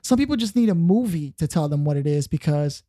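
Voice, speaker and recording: A man's voice: a little high, lively intonation, brisk, dark tone, no room sound, clean studio sound. A man hosting a podcast, chatting casually and speaking with conviction. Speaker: podcast host.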